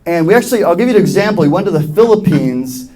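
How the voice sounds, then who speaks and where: A man's voice: high-pitched, fast. A young man from New York doing a stand-up comedy routine on a club stage, acting out other people's voices as he tells his jokes. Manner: animated, acts out voices of others. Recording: live club with audience laughter. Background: audience laughing.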